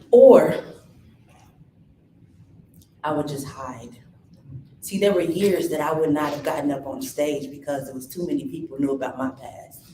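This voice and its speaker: A woman's voice: deep voice, a little hiss or hum. A woman giving an inspirational talk on stage, coaxing the audience to repeat lines after her. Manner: energetic, coaxing the crowd, shifts into playful quoted voices. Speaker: motivational speaker. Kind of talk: live inspirational talk with audience call-and-response. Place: event hall with audience. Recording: echoey room.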